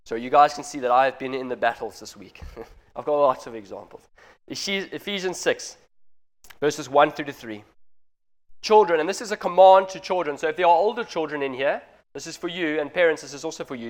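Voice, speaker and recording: Delivering his sermon at normal speed with lively intonation, a man in his thirties speaks earnestly and directly to the congregation's parents, pressing every point. He has a voice a little higher than most men's.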